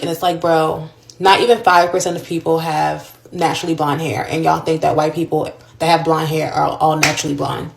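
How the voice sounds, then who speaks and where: A woman's voice: low voice, fairly quick, vocal fry, reverberant. A woman ranting in a vlog, outspoken and frustrated. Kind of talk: vlog rant.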